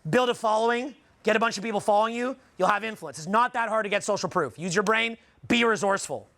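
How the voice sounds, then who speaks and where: Canadian man in his 40s, seminar speaker: blunt, profane, gravelly edge, very high voice for a man. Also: fast talker, bright, forceful tone, dry recording. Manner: profane, blunt, rhetorical questioning of the audience. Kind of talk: live seminar talk to a room.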